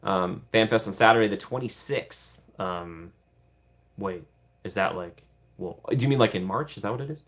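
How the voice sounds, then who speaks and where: A man's voice: lowish voice, normal speed, a bit bright. A young American man hosting a casual livestream, chatting upbeat with viewers, laughing often and rambling with fillers. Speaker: livestream host.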